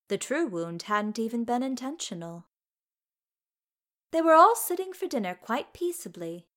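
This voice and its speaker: A woman reads a fantasy story aloud in a calm, steady narrating voice. Her pitch sits in the middle of the range, and she speaks the quoted lines gently as part of the telling. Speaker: narrator reading fan fiction. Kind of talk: scripted audiobook narration.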